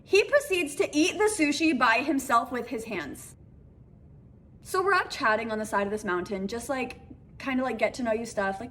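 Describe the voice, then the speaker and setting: A young adult woman telling a dating story to the camera in casual chat, animated and full of "like" fillers. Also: a little high, moderate pace, a little hiss or hum. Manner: animated, acts out voices in quotes, many "like" fillers.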